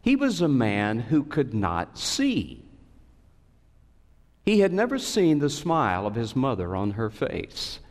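Male pastor, sermon, slow deliberate delivery, animated rising cries, church hall reverb. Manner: expressive storytelling preacher, rising to high cries. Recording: long reverb of a large hall.

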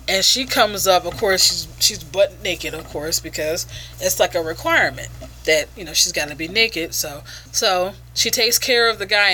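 A woman's voice: medium pitch, sharp tone, slight background noise. A woman casually reviewing a comic book page by page, with a profane and sarcastic way of talking.

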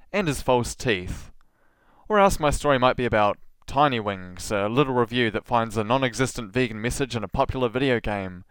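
Sarcastic guy doing a solo podcast rant, smooth voice, totally dry recording. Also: mid-range voice, a bit bright, no room sound. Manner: sarcastic, dry mocking asides. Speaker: podcast host. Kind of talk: scripted solo podcast monologue.

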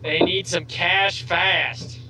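A man's voice: high-pitched, little pitch movement, drawn-out words, heavy background noise. A man co-hosting a podcast, making blunt, crude wisecracks in casual chat. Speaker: podcast co-host.

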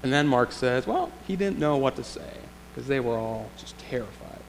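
A man's voice: mid-range voice, expressive, moderate pace, creaky. A male pastor preaching a sermon in a church sanctuary, in a reflective, conversational way with rhetorical questions. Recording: long church reverb, faint hum.

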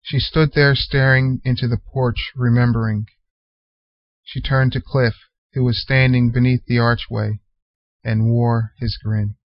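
A man narrates a short story slowly and deliberately, in a voice of middling pitch. The recording is dry and close, with a dull, lo-fi sound. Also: level tone, no room sound. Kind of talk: reading a short story aloud.

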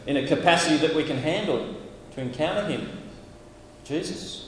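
An Australian man preaching at a camp, lively and dramatic, acting out lines from scripture. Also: on the high side, moderate pace, slight background noise. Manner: animated, acts out voices from scripture passages. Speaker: camp speaker. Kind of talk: sermon. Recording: echoey hall, heard from a distance.

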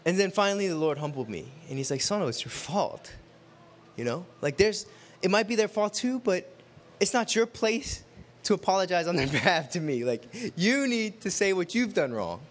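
A man with a fairly high voice delivers a sermon built around a personal story. He talks in a chatty, animated way, slipping into the voices of the people he quotes. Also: fairly quick. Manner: animated, conversational, acts out quotes. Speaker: preacher.

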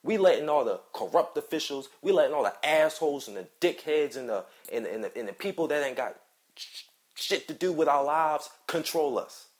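A man's voice: fairly high pitch, animated, normal speed. Angry man ranting on his podcast. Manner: heated, profane, repetitive ranting. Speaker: podcast host. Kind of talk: angry solo commentary.

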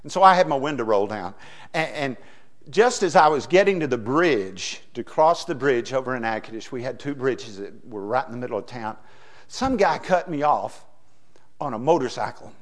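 A middle-aged man preaching a sermon as pastor, folksy, swinging from hushed asides to loud emphasis. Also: medium pitch, animated, moderate pace.

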